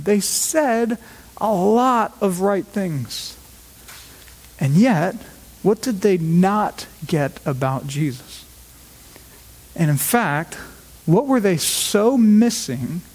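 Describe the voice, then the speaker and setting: High-voiced preacher in a reverberant hall. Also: male voice. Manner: emphatic, shifts pace and pitch for emphasis. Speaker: pastor. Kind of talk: sermon. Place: church sanctuary. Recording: long reverb of a large hall.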